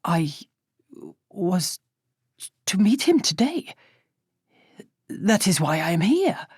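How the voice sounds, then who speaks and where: A woman voicing a tactful, gentle gentleman who speaks formally and politely. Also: mid-range voice, big pitch swings, slow, husky, no room sound, clean studio sound, exaggerated voice. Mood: sorrowful. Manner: polite, formal Regency speech.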